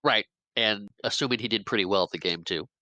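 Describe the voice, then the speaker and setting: A man's voice: fairly low pitch, fast talker, pushed and bright, dry recording, dull audio. A man co-hosting a podcast about a film, chatting casually, giving short agreements and laughing often. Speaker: podcast co-host. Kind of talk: casual movie discussion.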